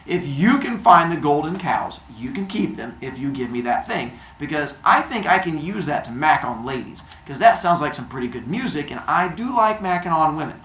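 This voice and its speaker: A man's voice: a little high, big pitch swings, normal speed, hardly any pauses, a bit bright. A man voicing Apollo, a brash boastful young god. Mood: smug. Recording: roomy echo.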